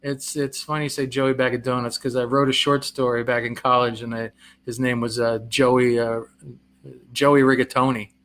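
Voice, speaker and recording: A man's voice: mid-range voice, flat delivery, a bit bright. A middle-aged man, a comedian, chatting casually on a live stream, reading viewer comments aloud, answering them and laughing at himself. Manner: self-deprecating, quick to laugh.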